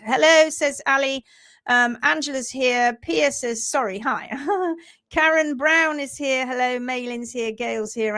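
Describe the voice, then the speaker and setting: A woman's voice: high voice, fairly bright tone. A woman hosting a live stream, greeting viewers by name and reading their comments aloud in an earnest, sympathetic way. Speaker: live stream host, hoof trimming teacher. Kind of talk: casual live stream chat.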